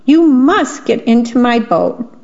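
A woman's voice: on the high side, slow, a little mellow. A woman voicing a proud, rule-bound male mosquito who runs a tiny ferry, bossy and boastful, in a storybook read on the radio. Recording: dull lo-fi radio sound.

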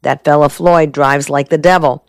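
Man reading as a calm, shrewd defense lawyer in an audiobook, low and measured. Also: creaky, dry recording, studio quality.

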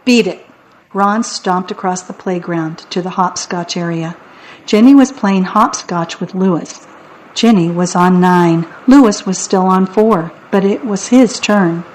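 A woman narrating a children's audiobook in a wry, deadpan way. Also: lowish voice, unhurried, slight background noise, poor audio.

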